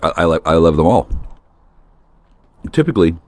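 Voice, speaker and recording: A man's voice: low-pitched, very animated, moderate pace, a little mellow, no echo. A man hosting a solo talk stream, rambling in a crude, sardonic way. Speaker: host.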